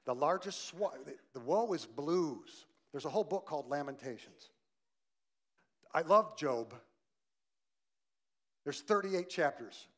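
A male pastor preaches in a mid-range voice, swinging between loud emphasis and quiet softness. He also puts direct questions to the congregation.

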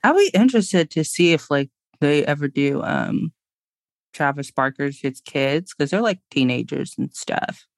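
A young woman chatting as a podcast guest, blunt and quick to laugh. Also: sits low, lively intonation, no room sound, clean studio sound. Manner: blunt, laughing, emphatic agreement. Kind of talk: casual chat.

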